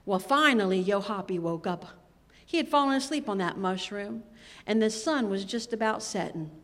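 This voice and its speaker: Animated woman storyteller in a hall. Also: mid-range voice, normal speed. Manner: animated, lively, rhythmic. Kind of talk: live storytelling for children. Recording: live hall with long reverb. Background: audience of children.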